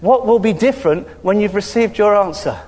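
A man preaching a conversational sermon, lively and informal, punctuated with hallelujahs. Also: sits high, fairly quick. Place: church hall. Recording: hall reverb.

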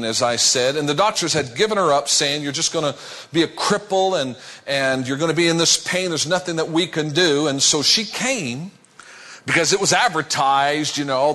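A middle-aged man preaching, telling a testimony in a dramatic storytelling manner that drops suddenly to a low voice. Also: bright, forceful tone. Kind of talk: sermon testimony.

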